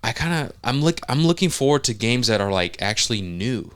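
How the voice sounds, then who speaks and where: A man co-hosting a casual gaming podcast, excitable and swearing freely, throwing in "bro" and "man" a lot. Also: mid-range voice, brisk, smooth. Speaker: podcast co-host. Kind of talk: casual chat.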